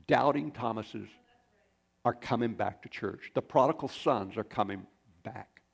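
A male pastor delivers his sermon in a mid-pitched voice with a rough, gravelly edge. He preaches like a storyteller, folksy and loose, often breaking off into rambling asides. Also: a little slow.

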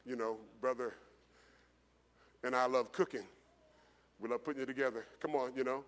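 A middle-aged man preaching a sermon in a relaxed, conversational storytelling way, repeating his phrases and building toward rising intensity. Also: medium pitch, moderate pace. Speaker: pastor. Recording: long hall reverb.

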